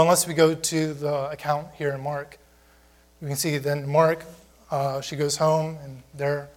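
A man preaching a sermon to a congregation in a plain conversational way, often asking rhetorical questions. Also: on the high side. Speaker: pastor.

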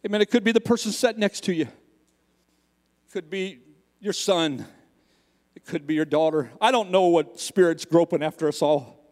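Male preacher, very high voice, long church-hall reverb, hushed storytelling that breaks into fervent shouting. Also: normal speed, pauses often. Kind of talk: sermon.

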